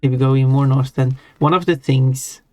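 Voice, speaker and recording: A streamer with a medium-pitched, warm, steady voice talks fairly quickly while drawing, musing in a rambling, self-deprecating way. The recording is dry, with faint chill music in the background.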